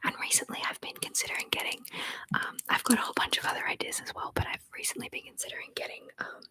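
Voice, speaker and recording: Whispering woman, tinkly and bright. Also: quick pace, rough recording. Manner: rambling, repeats words softly for tingles. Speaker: ASMR livestream host. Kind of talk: whispered live chat.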